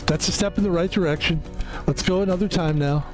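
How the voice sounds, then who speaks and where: A man's voice: high-pitched, fairly quick, a little mellow. A man streaming from home, rambling through a casual sign-off with music playing behind him. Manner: rambling, chatty, self-promoting. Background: background music.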